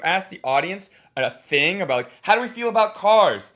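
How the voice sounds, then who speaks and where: A man coaching comedy with a lively, swooping delivery that sits a little high for a man. He is blunt, swears freely and jumps into quick impressions of the crowd and the performer to show what went wrong. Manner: animated, blunt, swears, acts out audience and comedian voices. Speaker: comedy teacher. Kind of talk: coaching critique of a recorded set.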